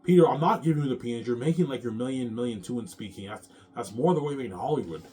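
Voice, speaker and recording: A man telling a rambling casual story in an animated, repetitive way. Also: mid-range voice, rapid-fire, distant mic. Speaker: vlogger.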